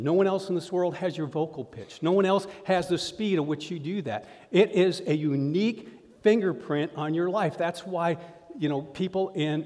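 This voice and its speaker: A man preaching a lively sermon to his congregation, often calling them folks. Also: on the high side. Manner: energetic preaching, addresses crowd as folks. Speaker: pastor. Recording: reverberant hall sound.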